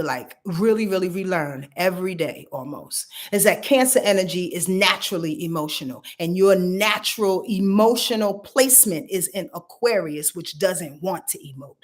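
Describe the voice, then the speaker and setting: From her home, a woman with a lowish voice livestreams casually, firing off quick astrology readings. She's animated and slangy, speaking directly to her viewers.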